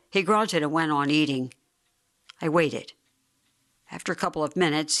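Brief: measured, dryly ironic audiobook narrator with a mid-pitched voice. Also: fairly bright tone. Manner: wry, measured storytelling. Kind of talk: scripted narration.

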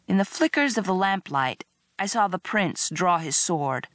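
A woman reading a first-person story aloud in a wry, expressive narration. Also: on the low side, unhurried, dry recording, studio quality. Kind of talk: audiobook narration.

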